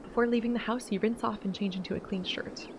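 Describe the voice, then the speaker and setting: A woman's voice: mid-range voice, steady tone, fast talker, noisy background. A woman reading out a horror visual novel and chatting about her choices as she plays. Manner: chatty, reads narration then comments with laughs. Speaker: let's play gamer voicing a visual novel.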